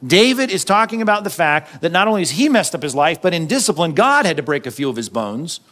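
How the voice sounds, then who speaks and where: A man's voice: fairly high pitch, big pitch swings, fast talker, fairly bright tone. Conversational preacher, a man. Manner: conversational preaching with frequent "right?" asides and acted quotes. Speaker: pastor. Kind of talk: sermon.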